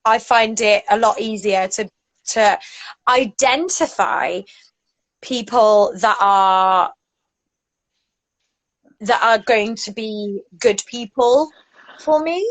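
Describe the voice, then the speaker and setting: A woman's voice: fairly high pitch, takes it slowly, pauses often, dry recording, poor audio. A woman in her thirties chatting casually as a podcast co-host, loose and laughing, with the odd swear. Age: 30s. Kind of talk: casual chat.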